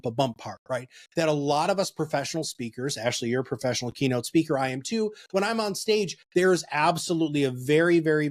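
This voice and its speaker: A middle-aged man, a guest author and speaker, explaining listening skills in an animated, emphatic way with big swings in pitch and pace. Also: no echo.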